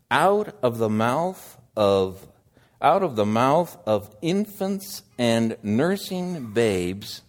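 A man preaching a sermon, slow and deliberate, swinging between loud emphasis and hushed asides. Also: medium pitch.

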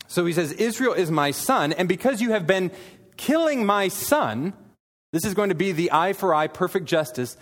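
A man delivers an earnest expository sermon in a church, reading scripture passages aloud between points. His voice sits somewhat high for a man. The sound carries a long hall reverb. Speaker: pastor.

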